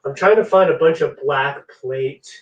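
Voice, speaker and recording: A man's voice: fairly high pitch, measured pace, dull audio, heavy background noise. A young man hosting a live stream, chatting casually with viewers while he builds. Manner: relaxed, chatty, answers chat messages.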